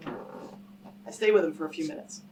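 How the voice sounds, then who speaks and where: In a low-pitched, slightly mellow voice at a moderate pace, a female scholar gives a public lecture built around a story for a live audience. She stays emphatic and direct, often turning to listeners with questions. The mic is a little distant, and there is faint background noise.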